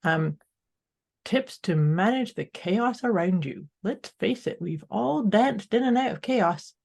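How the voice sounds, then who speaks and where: A woman co-hosting a motivational podcast, her voice mellow with a slightly gravelly edge. She chats casually and speaks straight to the listeners in an upbeat way. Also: mid-range voice, lively intonation, takes it slowly. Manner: upbeat, addresses listeners directly. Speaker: podcast co-host.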